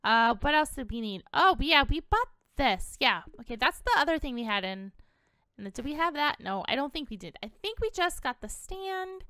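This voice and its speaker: A woman's voice: high-pitched, big pitch swings, moderate pace, sharp tone, no room sound, clean studio sound. A woman hosting a gaming video, giving chatty, playful let's-play commentary at a desktop mic and giggling often.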